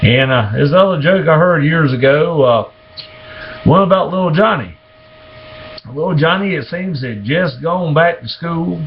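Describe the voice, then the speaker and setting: A man with a drawl tells dirty jokes slowly, slipping into the characters' voices. His voice is gravelly and a little high, and it swings widely in pitch. The recording is dull and lo-fi, with a faint hiss underneath. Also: expressive. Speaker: joke teller.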